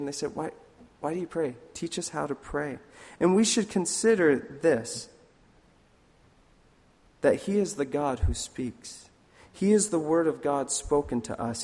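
A man preaching a sermon in an earnest way, slipping into lively voices when he tells a story. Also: a little high. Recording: long hall reverb.

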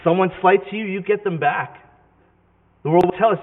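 A man's voice: high voice, moderate pace, pauses often. A male pastor preaching a sermon in a conversational, emphatic way, often correcting himself mid-sentence. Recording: tinny phone-like sound with long hall reverb.

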